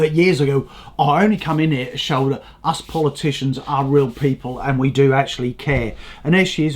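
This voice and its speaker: A man giving casual, ranting commentary as host of his own channel, swearing constantly and swinging between loud outbursts and low mutters. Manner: profane, blunt, ranting.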